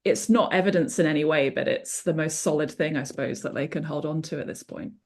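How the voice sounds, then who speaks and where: A woman co-hosting a podcast as a guest, giving thoughtful, measured commentary in casual chat. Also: low voice. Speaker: guest co-host.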